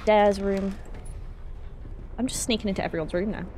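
A woman's voice: mid-range voice, fairly even intonation, normal speed, a little mellow, a little hiss or hum. A young woman streaming a horror game, chatty and giggly with rambling asides. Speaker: gaming streamer. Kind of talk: casual let's-play commentary.

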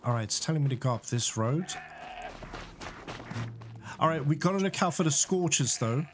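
Excitable man at a game. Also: fairly high pitch, normal speed. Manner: chatty, excitable, panicky and laughing. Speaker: gaming YouTuber. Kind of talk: let's play commentary. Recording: game music playing loud behind the voice.

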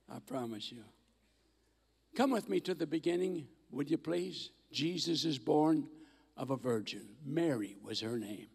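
Gravelly older man preaching in a hall. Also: a little high, a little mellow. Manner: folksy, humorous storytelling preacher. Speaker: guest preacher. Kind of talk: sermon. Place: large church sanctuary. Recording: long church hall reverb.

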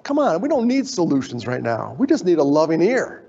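Speaking fairly quickly with huge pitch swings, this man has a voice on the high side that is creaky and mellow with a breathy edge. He's a conference speaker telling stories and animatedly voicing the people he quotes, recorded with dull sound in an echoey hall.

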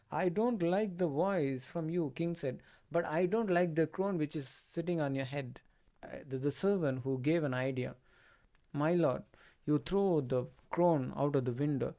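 A man lecturer, retelling a play for a class in loose, halting phrasing with many fillers. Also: on the high side, gravelly, darkish tone, dull audio. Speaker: literature lecturer.

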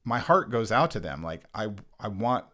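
A man co-hosting a church Bible discussion, talking in an earnest, halting way with many restarts. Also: on the low side, sing-song, pushed and bright. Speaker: church podcast co-host. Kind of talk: casual reflective Bible discussion.

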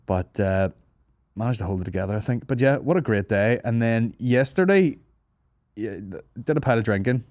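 A man's voice: on the low side, lively intonation, a little fast, darkish tone, no room sound, clean studio sound. A young man hosting a comedy podcast, telling stories with lots of swearing and laughing asides. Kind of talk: casual banter.

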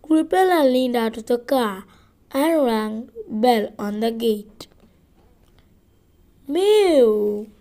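Woman reader for a children's story: higher pitch, unhurried, careful, rereads stumbles. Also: mellow. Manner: slow and deliberate, with rereads and self-corrections. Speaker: audiobook reader. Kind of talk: reading a children's book aloud.

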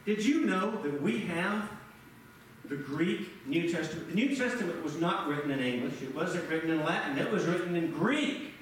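A man's voice: on the high side, normal speed, a little hiss or hum. A man preaching a sermon as pastor, firing off rhetorical questions and talking straight to his congregation. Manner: animated, rhetorical questions, addresses congregation by name. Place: church sanctuary. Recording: echoey church room, mic at a distance.

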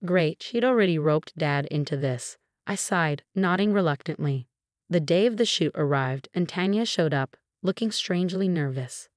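A woman narrating a first-person story in an even, steady way. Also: fairly low pitch, moderate pace, dry recording, clean studio sound.

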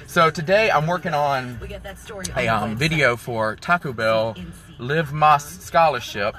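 Sassy man, bright voice. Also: medium pitch, unhurried. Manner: chatty, sassy, calls viewers y'all and honey. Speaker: vlogger doing a live stream. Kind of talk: casual chatty live stream. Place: in a car in the rain.

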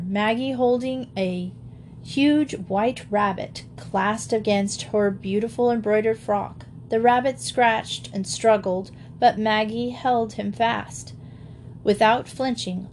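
A woman narrating an old-fashioned children's story in a gentle, even storytelling manner. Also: medium pitch, slow pace, a little hiss or hum. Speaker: audiobook narrator.

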